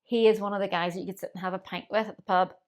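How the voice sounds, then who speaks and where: A woman's voice: medium pitch, fairly even intonation, very fast. A woman co-hosting a podcast in casual chat, musing aloud in a playful way. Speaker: podcast co-host.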